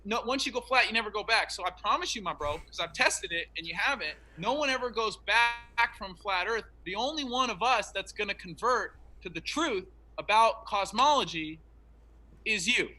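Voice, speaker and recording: A man's voice: high voice, animated, normal speed, pushed and bright. A man arguing in an online debate, insistent and preachy as he makes his case.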